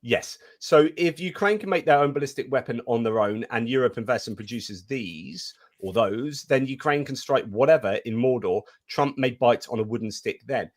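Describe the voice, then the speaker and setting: A man's voice: mid-range voice, moderate pace, hardly any pauses, no echo, studio quality. A man co-hosting a casual live stream, chatting about the news and reading out viewer comments.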